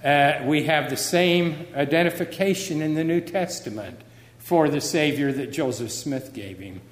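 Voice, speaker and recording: A man explaining scripture slowly and deliberately as a guest scholar. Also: on the high side. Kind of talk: explanatory commentary. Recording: echoey room with long reverb.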